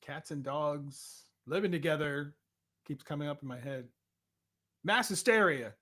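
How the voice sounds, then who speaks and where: Male co-host, slightly higher voice, slangy, jokey, thinks out loud. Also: steady tone, normal speed. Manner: slangy, joking, guessing out loud. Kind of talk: casual live-stream chat.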